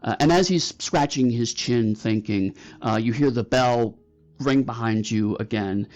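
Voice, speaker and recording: A man narrating a tabletop role-playing game as game master, pausing often with fillers. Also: mid-range voice, a little mellow. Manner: hesitant, many fillers. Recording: slightly dull sound with faint music.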